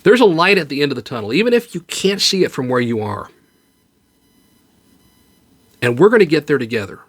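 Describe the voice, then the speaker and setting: A man's voice: on the high side, very animated, quick pace. A man hosting a podcast, giving an earnest, comforting monologue that turns to light joke telling. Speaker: podcast host. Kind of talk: heartfelt encouraging monologue.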